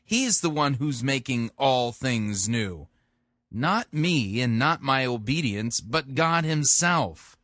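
A man's voice: mid-range voice, sing-song, slow pace, dry recording. Dry-voiced man critiquing a sermon. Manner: sharp, critical commentary. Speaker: podcast host. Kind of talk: critical commentary on sermon clips.

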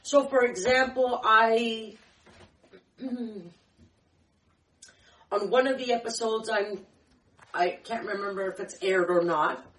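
A woman's voice: on the high side, slow pace, long pauses, a bit bright. A woman hosting a kitchen tips show, chatting casually in a rambling, self-correcting way, her throat a little dry from a candy in her mouth. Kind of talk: casual demo chat. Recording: echoey room, far from the mic.

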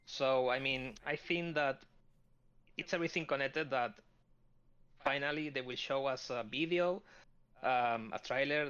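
A man chats casually as a podcast guest, halting often and filling gaps with ums and uhs while he searches for words. His voice comes through a dull, lo-fi recording. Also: mid-range voice, fairly bright tone, clean tone. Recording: dull lo-fi audio.

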